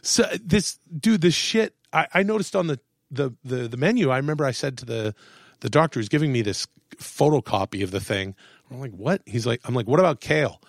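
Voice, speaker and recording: A man in a casual podcast chat, telling animated stories, swearing freely and acting out what people said. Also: mid-range voice, brisk, vocal fry, dry recording, studio quality. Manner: animated storyteller, swears, acts out quotes. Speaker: podcast guest, actor and comedian. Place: podcast studio.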